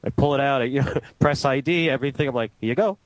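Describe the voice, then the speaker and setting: Guy telling radio engineer war stories, acts out the dialogue, middle pitch, dry close sound. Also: fast talker, no echo, poor audio. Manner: animated anecdote teller, acting out dialogue. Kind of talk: casual storytelling.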